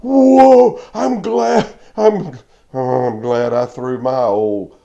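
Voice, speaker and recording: A man voicing an excited six- or seven-year-old girl who squeals with wonder. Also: fairly low pitch, slow, dull audio. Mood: amazed, delighted.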